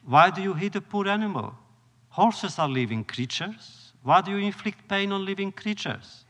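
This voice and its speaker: Kindly old rabbi, soft and pleading, a man doing the voice, echoey hall. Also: medium pitch, very animated, a little slow. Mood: gentle. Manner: gentle, mildly pleading. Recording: long reverb of a lecture hall.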